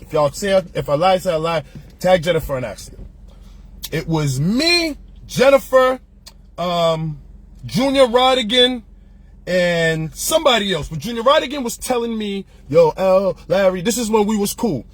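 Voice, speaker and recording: A man with a high, husky voice delivers a passionate, profanity-laced rant as the host of his opinion show. He talks loosely and heatedly, with lots of slang, like someone holding court among friends. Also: sing-song, normal speed, fairly bright tone, no echo. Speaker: podcast host. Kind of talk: ranting opinion monologue.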